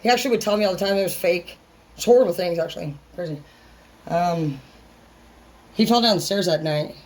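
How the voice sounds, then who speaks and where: A woman's voice: lowish voice, brisk, a little mellow, poor audio. A woman vlogging in a casual monologue, rambling bluntly and swearing constantly. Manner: brash and unfiltered.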